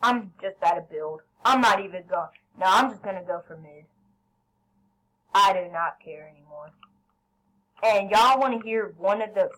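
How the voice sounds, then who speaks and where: A woman commentating her own gameplay, excitable, yelling at teammates and then apologizing. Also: mid-range voice, moderate pace, long pauses, poor audio. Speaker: gaming channel host.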